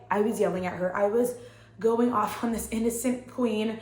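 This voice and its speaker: A young woman vlogging at home, telling her story in a chatty, animated, slangy way. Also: mid-range voice, moderate pace. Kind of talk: casual storytelling vlog. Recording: echoey room with faint music.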